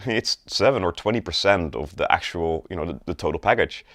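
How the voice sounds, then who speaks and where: Low-voiced man coaching sales. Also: animated, fairly quick, fairly bright tone, no echo, clean studio sound. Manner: demonstrates voice tones in examples. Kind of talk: instructional video talk.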